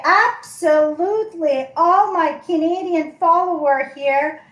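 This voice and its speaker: A high-pitched woman chats on a live craft stream, gushing over her work in loose, friendly phrasing. Her voice rings off the walls of an echoey room at home. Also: animated, a little slow. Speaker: stamping craft host.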